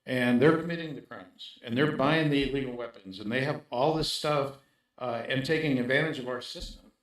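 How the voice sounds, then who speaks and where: A man's voice: medium pitch, normal speed. A man speaking in a casual interview as a guest, making his points emphatically and checking in with "right?". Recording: very echoey room.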